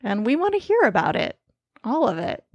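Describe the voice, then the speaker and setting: A woman with a nasal, slightly high voice chats loosely as a podcast co-host. She laughs easily and keeps things informal. Her voice sits close and dry on the mic. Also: big pitch swings, moderate pace, dry recording. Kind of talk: casual podcast chat.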